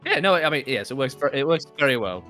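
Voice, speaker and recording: A man's voice: mid-range voice, very animated, fast, bright, forceful tone, soft background music. A man co-hosting a let's play, making sarcastic, laughing asides in casual commentary.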